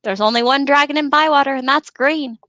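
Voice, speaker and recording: A woman's voice: sits high, brisk, pushed and bright, no room sound, pitched above the performer's own voice. A woman voicing a skeptical young male hobbit in a put-on rustic voice while reading aloud. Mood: scoffing. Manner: scoffing and dismissive. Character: grumpy skeptical male hobbit miller's son.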